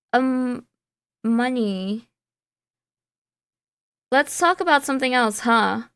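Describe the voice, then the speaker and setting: A young woman's voice, a touch higher than most, bounces through a game she is streaming. She reads the dialogue aloud and keeps slipping into a breezy valley girl lilt. The sound is dry and close to the mic. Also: a bit bright, no echo. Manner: playful, giggly, drifts into a valley girl lilt. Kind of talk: casual playthrough commentary, reading game dialogue aloud.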